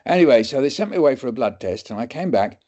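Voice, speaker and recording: A man's voice: medium pitch, very animated, fast talker, mellow. Older man telling a funny story. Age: 70s. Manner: chatty, self-deprecating, laughs often. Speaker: guest speaker. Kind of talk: humorous storytelling talk. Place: webinar recording. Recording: dull lo-fi audio.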